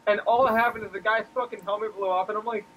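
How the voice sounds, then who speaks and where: A man's voice: fast, husky, highs cut off. A man on a casual gaming podcast, telling stories animatedly and acting out quotes in squealing voices, swearing freely. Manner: animated storyteller who acts out quotes in squealing high voices, swears a lot. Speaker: podcast co-host.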